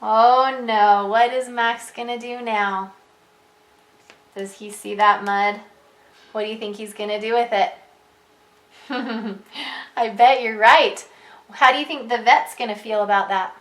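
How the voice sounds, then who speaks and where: A woman leads a preschool reading lesson at an unhurried pace, drawing out each word for young children. Her voice is bright and somewhat high. The room gives it a noticeable echo. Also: steady tone. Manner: slow, clear, encouraging teacher talk with questions to children. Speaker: preschool teacher. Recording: echoey room sound.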